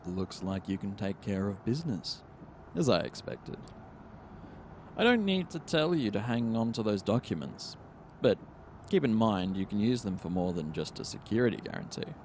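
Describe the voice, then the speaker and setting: A man's voice: on the low side, lively intonation, normal speed, darkish tone, a little hiss or hum, close to an everyday voice. A man voicing a sardonic male vampire fixer who talks in a dry, condescending way. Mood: smug.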